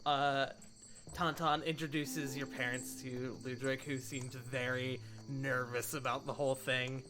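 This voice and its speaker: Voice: mid-range voice, flat delivery, unhurried. A game master narrating a tabletop game in a casual, rambling way. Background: background music.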